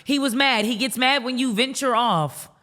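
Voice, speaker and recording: A young adult woman podcaster telling a heated callout story to camera, rapid and indignant, acting out what others said. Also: sits high, pushed and bright. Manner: indignant, rapid storytelling, acts out quoted dialogue.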